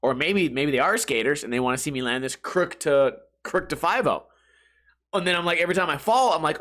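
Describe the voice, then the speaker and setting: Guy rambling on his podcast, swears a lot, laughs at himself, kinda high voice. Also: a little fast, a bit bright. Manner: rambling, self-mocking, laughs at own jokes; crude, profane storytelling. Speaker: podcast host. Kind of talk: casual comedic monologue.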